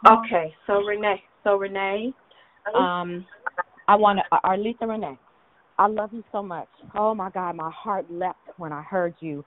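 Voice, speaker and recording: A woman's voice: medium pitch, steady tone, moderate pace, soft background music. A woman leading a prayer call, out of breath, speaking in an emphatic, encouraging way. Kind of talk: spirited prayer ministry on a call. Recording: tinny phone line.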